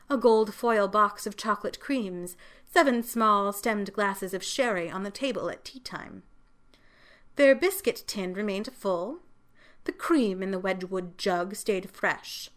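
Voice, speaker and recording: Woman reading a gentle storybook tale. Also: mid-range voice. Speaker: story narrator. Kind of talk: scripted fiction reading.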